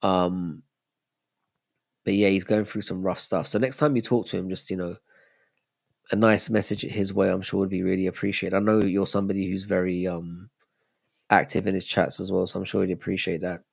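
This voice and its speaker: Reading viewers' messages aloud and replying as he goes, a young man keeps his live stream loose and casual. His deep voice has vocal fry and a flat delivery at a moderate pace.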